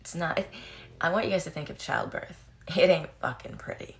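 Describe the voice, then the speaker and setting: A woman's voice: low voice, normal speed, creaky. A woman in her thirties talking frankly and casually to camera, swearing freely, laughing often and acting out quoted voices. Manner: animated, acts out quoted voices. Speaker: vlogger.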